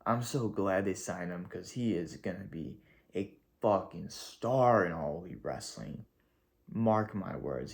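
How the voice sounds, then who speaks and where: A man talking through a wrestling show in a casual video review, excitable and gushing, swearing freely and rambling with slang. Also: deep voice, vocal fry.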